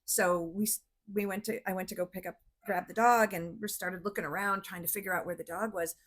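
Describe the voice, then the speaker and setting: Animated storytelling woman owner. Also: medium pitch, fast. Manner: animated storyteller, acts out quotes, laughs often. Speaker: business owner and podcast host. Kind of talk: casual storytelling chat.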